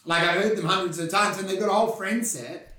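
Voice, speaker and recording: A man riffs on a comedy podcast, animated and profane, often slipping into mocking impressions. His voice is high and bright. He sits back from the mic in a very echoey room. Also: quick pace, recorded from a distance. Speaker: podcast co-host. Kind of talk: casual comedic chat. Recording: roomy, off-mic.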